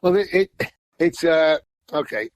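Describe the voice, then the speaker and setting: A man's voice: fairly high pitch, expressive, measured pace, dry recording, rough recording. Rambling older man. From New York. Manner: rambling storyteller, repeats words, colorful and blunt. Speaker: guest musician. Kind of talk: casual interview chat.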